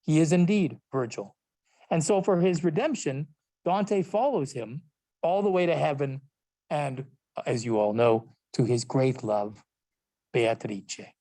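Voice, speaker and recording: A literature and law professor delivers a recorded lecture in a fairly high, unhurried voice with a dark tone. He reads from prepared text, adding small asides and correcting himself along the way.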